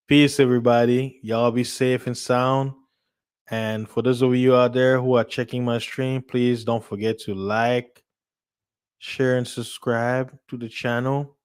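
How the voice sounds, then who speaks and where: A man's voice: medium pitch, flat delivery, takes it slowly, smooth. A man hosting a casual livestream, rambling, repeating himself and laughing often. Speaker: livestream host.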